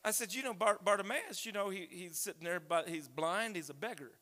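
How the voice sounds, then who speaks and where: A man preaching a sermon, talking conversationally and then building up to loud shouts. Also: high voice, fairly quick. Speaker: pastor. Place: church sanctuary. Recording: long reverb of a large hall.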